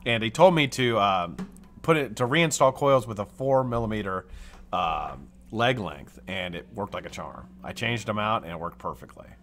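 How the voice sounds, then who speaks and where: Male host from the US, chatty live-stream voice, bright tone, plenty of pitch swing, casual cussing. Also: normal speed, faint music behind. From United States. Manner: animated, chatty, swears casually. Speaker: livestream host.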